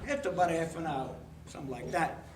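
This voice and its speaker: A man's voice: a little high, quick pace. A man telling a stand-up joke, acting out both people in it with changing voices and chuckles. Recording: roomy, distant, faint noise.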